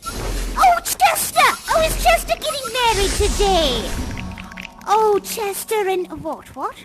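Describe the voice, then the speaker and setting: A woman's voice: sits high, very animated, moderate pace, over loud music, poor audio. A woman acting a fussy, theatrical female party hostess who leads a tour with chatty, gushing exclamations over a headset microphone. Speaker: live actor guiding a tour in a virtual reality theater show. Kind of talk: improvised live role-play.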